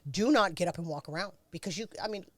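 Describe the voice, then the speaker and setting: Blunt low-voiced woman telling a story. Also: quick pace, no echo. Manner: blunt, swears freely, animated retelling. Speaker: race car driver guest. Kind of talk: candid storytelling interview.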